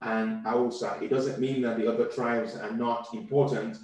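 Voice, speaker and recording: A man from Nigeria, a comedian speaking as a guest in a casual interview, quick and animated, often repeating words as he thinks. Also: mid-range voice, soft background music. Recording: very echoey room.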